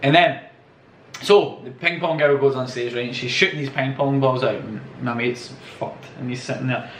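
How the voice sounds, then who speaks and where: A man's voice: medium pitch, moderate pace, slight background noise. A young man telling travel stories in a rambling way, swearing and laughing as he goes. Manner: rambling, profane, laughing storyteller. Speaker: travel vlogger. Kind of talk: casual anecdote storytelling. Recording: roomy echo, distant from the mic.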